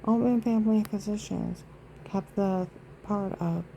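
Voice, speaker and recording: A woman's voice: medium pitch, unhurried, gravelly, dark tone, a little hiss or hum, rough recording. A woman vlogging in a rambling, indignant monologue, aggrieved and emphatic with many asides.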